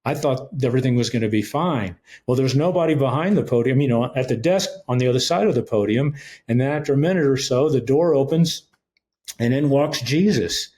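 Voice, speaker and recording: A middle-aged man sharing his faith testimony as a podcast guest, at an ordinary pitch for a man. He tells it like a storyteller, earnest and direct, and voices the people in his story as he goes. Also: fairly quick, darkish tone. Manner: earnest storyteller, retells events with quoted dialogue. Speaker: guest, ministry leader. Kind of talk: personal testimony in a podcast interview.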